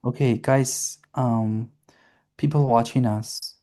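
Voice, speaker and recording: A woman's voice: rumbling low, steady tone, slow pace, warm tone. A woman with an Armenian accent, a teacher co-hosting a casual podcast chat, teasing and playful, with many fillers. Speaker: podcast co-host, English teacher.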